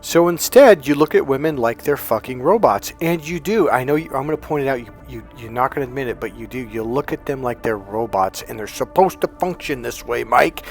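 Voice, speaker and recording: A man's voice: medium pitch, quick pace, hardly any pauses, faint music behind. A man talking as a dating coach, blunt and profane, often quoting others in put-on voices. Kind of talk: coaching monologue.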